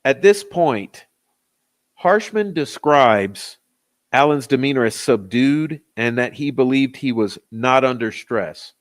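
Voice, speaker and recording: A man's voice: mid-range voice, animated, slow pace. A man recaps court testimony for his channel, reading it out in a mid-range voice. He breaks off into indignant, sarcastic asides. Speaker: true-crime commentator.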